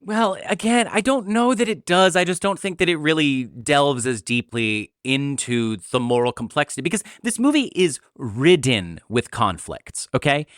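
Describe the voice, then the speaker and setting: Animated man arguing about a film. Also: fairly high pitch, normal speed, few pauses, clean tone, dry recording, studio quality. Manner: animated, argumentative, stammers on restarts. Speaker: podcast co-host. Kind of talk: casual film discussion.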